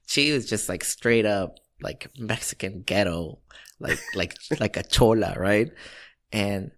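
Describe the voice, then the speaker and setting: A man's voice: on the low side, expressive, slow pace, fairly bright tone. A man co-hosting a podcast who tells a long, profane anecdote in a loose, rambling way. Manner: rambling, profane, restarts often. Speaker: podcast co-host. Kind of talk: casual storytelling chat.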